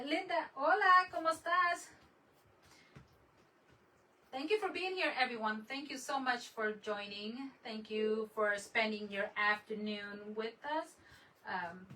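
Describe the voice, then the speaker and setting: A woman with a bright, fairly high voice hosts a casual craft livestream, chatting with viewers and tossing in Spanish greetings. She sits a little back from the mic, with faint room noise behind her. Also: distant mic, low-quality recording. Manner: laughs often, trails off mid-sentence.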